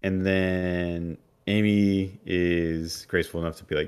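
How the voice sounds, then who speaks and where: A man's voice: low voice, level tone, measured pace, hardly any pauses, a little mellow, clear, resonant tone. A man co-hosting a podcast, loosely retelling a story's plot with fillers and asides. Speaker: podcast co-host. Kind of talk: casual episode recap.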